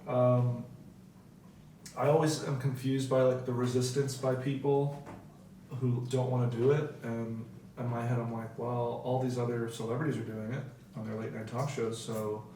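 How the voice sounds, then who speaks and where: A man's voice: mid-range voice, little pitch movement, moderate pace, mellow. Young man, casual guest comedian, rambling and self-correcting, recorded from a distance in a very echoey room with faint background noise. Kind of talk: casual chat.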